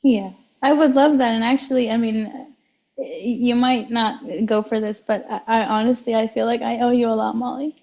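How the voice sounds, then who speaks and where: A woman guest speaking in a gentle, halting and sincere way in a heartfelt chat. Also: on the high side, steady tone, lo-fi sound.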